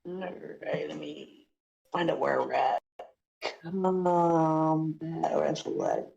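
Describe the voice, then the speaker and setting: A woman's voice: sits low, very animated, creaky, warm tone, dull audio. Woman player in a tabletop game, chatty and playful, voice bounces up and down a lot. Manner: chatty, playful, quick to laugh.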